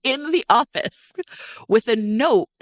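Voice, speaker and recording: A woman's voice: fairly high pitch, lively intonation, slow pace, no echo, studio quality. A woman co-hosting a podcast, animatedly retelling a book in casual chat, full of restarts, asides and casual swearing. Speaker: podcast co-host.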